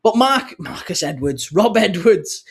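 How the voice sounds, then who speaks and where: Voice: medium pitch, very animated, unhurried, gravelly, breathy edge. A football fan talking through the match result in an upbeat, chatty way. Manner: exuberant, then chatty. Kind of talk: excited fan reaction.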